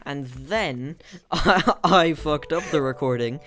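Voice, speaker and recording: A man's voice: a little high, slow, pushed and bright. A man with an Irish accent hosting a casual storytime chat, rambling and laughing at his own jokes. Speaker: channel host.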